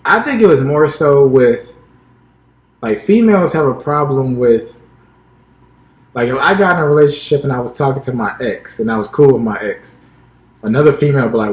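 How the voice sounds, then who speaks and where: A man's voice: mid-range voice, expressive, a little fast, darkish tone. A young man, a podcast co-host, telling a personal story in casual chat and acting out the dialogue. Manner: acts out quoted dialogue, restarts often. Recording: echoey room.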